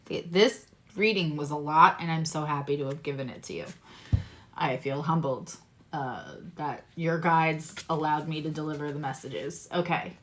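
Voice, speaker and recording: A woman giving a casual tarot reading to her viewers, chatty and animated, swearing casually and swinging between loud bursts and soft asides. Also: deep voice, moderate pace. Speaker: tarot reader and astrologer.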